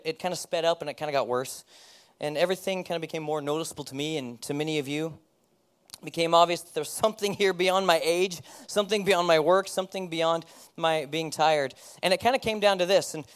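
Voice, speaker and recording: High-voiced man giving a candid sermon. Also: clean tone. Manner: candid, self-deprecating, laughs at himself. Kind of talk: personal testimony sermon.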